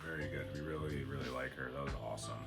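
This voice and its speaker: A man's voice: rumbling low, level tone, quick pace, echoey room, loud music behind the voice. A young adult man, a new father, chatting and joking casually in a family vlog.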